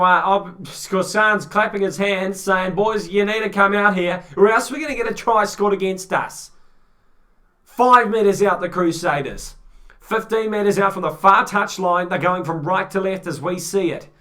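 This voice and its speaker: A man with a New Zealand accent doing excitable, joking amateur play-by-play rugby commentary. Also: high-pitched, measured pace. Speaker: fan commentator.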